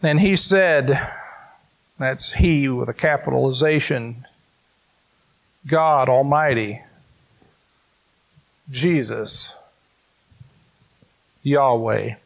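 A man's voice: mid-range voice, vocal fry. A man preaching a sermon in church, reading scripture aloud in an emphatic way and talking directly to the congregation. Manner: slow, emphatic, talks to the congregation. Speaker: pastor.

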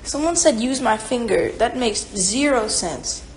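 A woman's voice: on the high side, animated, unhurried, slight background noise. A young woman chatting casually on a livestream at home, rambling and swearing freely as she reads viewer comments aloud. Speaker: singer on a livestream. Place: home, indoors. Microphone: phone.

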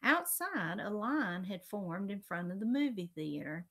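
A woman reading a children's chapter book aloud, expressive and sometimes dropping to a hush. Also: mid-range voice, unhurried. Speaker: reader.

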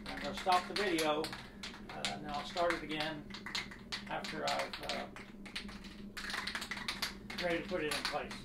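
Gravelly man narrating a hobby project. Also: fairly high pitch, moderate pace, long pauses. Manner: relaxed, thinking aloud with many uh fillers. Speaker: model railroad hobbyist. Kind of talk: casual how-to narration. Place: home, kitchen table area. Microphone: phone camera, sometimes on tripod. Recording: roomy and distant phone audio with clear noise.

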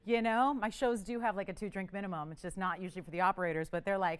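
Smooth-voiced chatty shopping host woman. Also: medium pitch, steady tone, fast talker. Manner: chatty, joking, upbeat selling patter. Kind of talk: live jewelry sales pitch.

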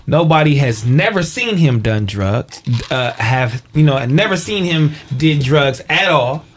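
A man's voice: fairly high pitch, expressive, a little slow, a little hiss or hum. A man hosting a casual podcast chat, loose and rambling, full of "you know what I'm saying.". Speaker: podcast host.

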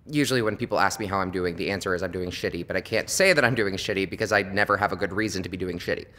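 Young male actor, bright edgy tone, dry comic monologue with sharp emotional swings. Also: sits low, very fast. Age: young adult. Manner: wry, deadpan storytelling with sudden emotional swings. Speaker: acting student. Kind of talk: theatrical monologue.

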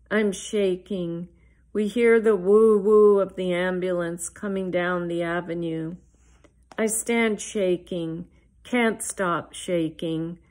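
A woman author reading her own literary fiction aloud in a measured, first-person style. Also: on the low side.

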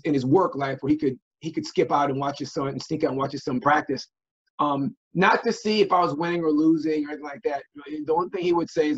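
A middle-aged man from Minnesota telling stories as an interview guest, animated and full of restarts and fillers. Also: a little high, slightly rough. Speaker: guest, former football player. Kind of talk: casual interview storytelling. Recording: dull lo-fi audio.

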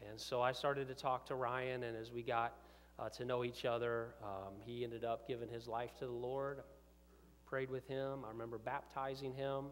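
A male pastor telling a personal story in a sermon, often dropping to hushed tones and rising to urgent appeals. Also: mid-range voice, little pitch movement, moderate pace, a little hiss or hum. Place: church sanctuary with long reverb. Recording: reverberant church hall.

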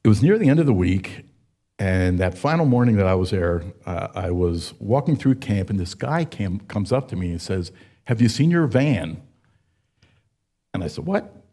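A man in his seventies preaching a sermon, telling folksy stories with frequent pauses and fillers. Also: deep voice, expressive, warm tone. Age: 70s. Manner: folksy storytelling, with many uh fillers. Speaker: pastor.

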